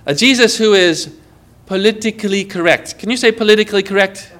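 Male pastor, animated sermon delivery, high and bright. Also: fast, slight background noise. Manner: animated preaching, asks the congregation questions.

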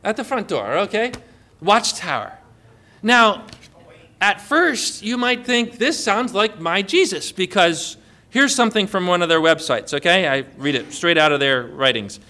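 A man's voice: sits high, animated, measured pace, sharp tone. A man preaching a sermon as pastor, emphatic and often putting questions to the congregation.

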